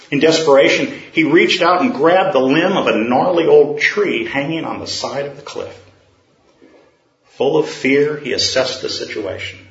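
A male preacher giving a sermon, earnest and storytelling, with rhetorical questions. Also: medium pitch. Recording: roomy, dull sound.

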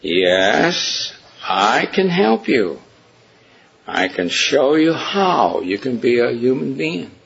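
A man voicing a wise, calm great one who speaks in a measured, instructive way. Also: medium pitch, vocal fry, highs cut off, a little hiss or hum, pitched below the performer's own voice, full character voice.

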